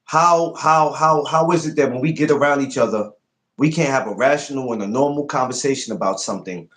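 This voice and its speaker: A man's voice: mid-range voice, fairly quick. Man hosting a casual podcast chat. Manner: animated storyteller, asks probing questions. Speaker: podcast host.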